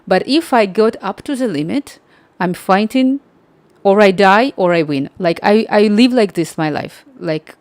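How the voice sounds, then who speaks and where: Animated woman telling a story, dry sound. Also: mid-range voice, unhurried, no room sound. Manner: animated, acts out quoted dialogue. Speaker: livestream host. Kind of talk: casual storytelling.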